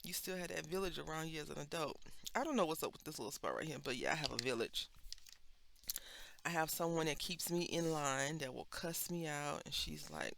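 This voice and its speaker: A woman with a low, gravelly voice and a Texan accent chats at a moderate pace while stamping in a craft video, sometimes dropping into a whisper. The craft vlogger is chatty and rambling, with animated asides, and the audio has a slight hiss or hum.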